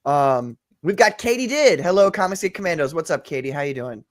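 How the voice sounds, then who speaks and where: A man's voice: fairly high pitch, animated, brisk, no echo, studio quality. A man hosting a casual livestream podcast, chatty and greeting viewers one by one. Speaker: podcast host.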